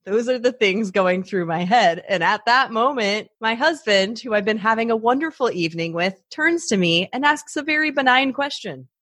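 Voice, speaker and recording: A woman's voice: a little high, expressive, moderate pace, hardly any pauses, fairly bright tone, no room sound, clean studio sound. A woman hosting a personal podcast, talking animatedly and acting out her own anxious inner thoughts. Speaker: podcast host.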